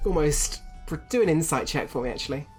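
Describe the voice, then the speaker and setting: A woman's voice: low voice, expressive, fast, darkish tone, soft background music. A woman narrating as game master of a tabletop game, rambling with many fillers.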